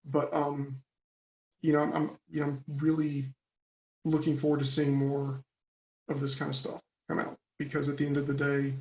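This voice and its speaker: A male podcast guest calling in by phone, talking haltingly with many fillers and restarts, enthusiastic. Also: a little high, monotone, darkish tone. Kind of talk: casual interview chat. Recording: echoey dull phone call.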